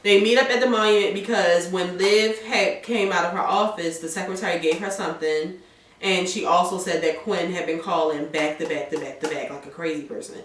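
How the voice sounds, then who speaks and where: A woman casually recapping a TV episode, animated and profane, acting out the characters' lines. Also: lowish voice, brisk. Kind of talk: casual chat. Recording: echoey room, far from the mic.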